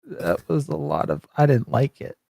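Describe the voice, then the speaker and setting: A man's voice: medium pitch, very animated, normal speed, creaky, warm tone, breathy edge, dry recording, studio quality. A man co-hosting a casual reaction chat, blunt and wry in a laid-back way. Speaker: co-host reacting to a trailer.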